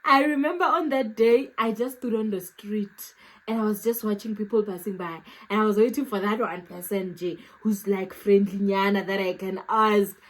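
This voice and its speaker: A young South African woman with a South African accent, telling a storytime vlog with animated, dramatic acted-out reactions. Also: mid-range voice, normal speed, low-quality recording. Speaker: YouTuber.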